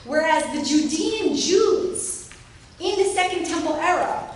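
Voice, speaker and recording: A woman giving a lecture in a lively way, acting out quoted voices as she teaches. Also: unhurried. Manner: lively, acts out quoted voices with rising pitch. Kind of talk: academic lecture. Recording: roomy echo, distant mic, faint noise.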